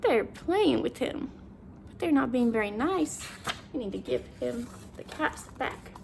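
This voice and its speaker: Lively woman reading a storybook aloud. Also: a little high, measured pace, gravelly, a little hiss or hum. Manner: animated, asks the listener questions. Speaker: children's story reader.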